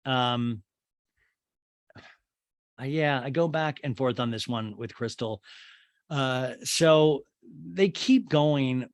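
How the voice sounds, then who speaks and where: A man's voice: medium pitch, takes it slowly, long pauses, no room sound, studio quality. Casual, profane man recapping reality TV. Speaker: podcast host.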